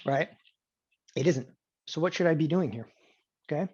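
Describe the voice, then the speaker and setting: A man teaching an options trading class, animated and sarcastic, often acting out students' voices. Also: a little high, normal speed, husky. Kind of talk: classroom lecture. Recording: dull lo-fi sound.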